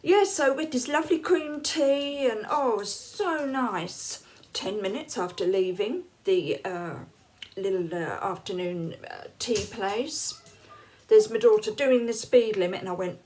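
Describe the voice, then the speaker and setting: Speaking a little slowly in a mid-range, somewhat mellow voice, this English vlogger in her late fifties tells stories to camera. She is chatty, laughs a lot, and acts out the lines she quotes, though she is unwell and feeling hot and cold.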